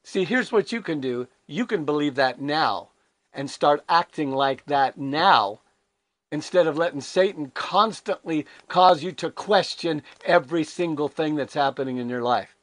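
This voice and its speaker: A man's voice: on the high side, animated, measured pace, fairly bright tone, no room sound. An older man preaching a conversational devotional sermon, emphatic and candid, full of rhetorical questions. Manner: candid and self-deprecating.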